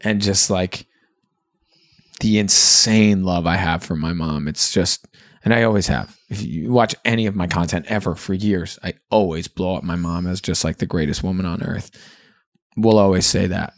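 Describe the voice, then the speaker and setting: A man's voice: deep voice, moderate pace, no room sound, clean studio sound. A man co-hosting a podcast, talking in an earnest, reflective and chatty way with lots of fillers. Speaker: podcast co-host. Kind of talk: candid podcast conversation.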